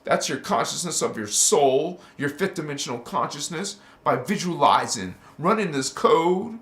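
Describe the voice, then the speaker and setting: A man's voice: fairly high pitch, very animated, normal speed, a bit bright, reverberant. A man hosting a live spiritual teaching, exhorting listeners fervently with slang mixed in, then guiding a visualization. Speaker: spiritual channel host.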